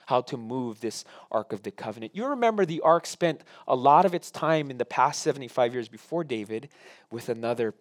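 A man preaching a sermon as pastor, swinging between loud emphatic lines and quiet, drawn-out asides. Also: medium pitch.

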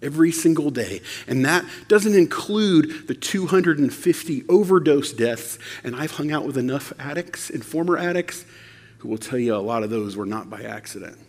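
A man preaching a sermon, conversational and animated, asking the audience rhetorical questions. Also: medium pitch, moderate pace, big-room sound. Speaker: pastor.

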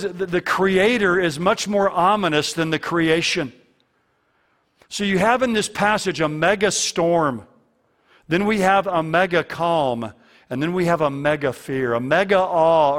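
A man's voice: high voice, a bit bright. Earnest man preaching a sermon. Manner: earnest, repeats key phrases for emphasis. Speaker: pastor.

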